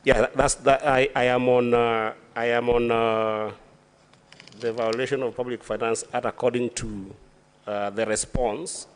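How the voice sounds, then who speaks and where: A man with a Kenyan accent, a senator questioning a witness at a formal hearing, speaking deliberately with many fillers and restarts in a senate chamber. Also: mid-range voice, level tone, smooth.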